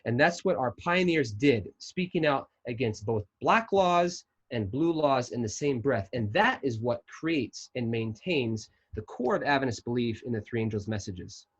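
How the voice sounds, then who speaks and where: A man giving an earnest history lecture and answering questions on a video call, slowing down to stress key points. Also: mid-range voice, expressive, breathy edge, muffled recording. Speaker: guest presenter, historian. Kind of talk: online lecture and Q&A.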